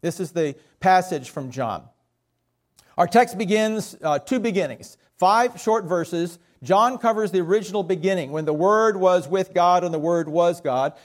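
A man's voice: sits high, a little slow. A middle-aged man with a Southern US accent preaching a sermon as pastor, folksy and self-deprecating.

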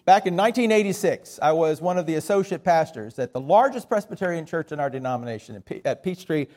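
A man's voice: on the high side, expressive, fast talker, a little mellow. A middle-aged man with a Southern US accent preaching a sermon as pastor, folksy and self-deprecating.

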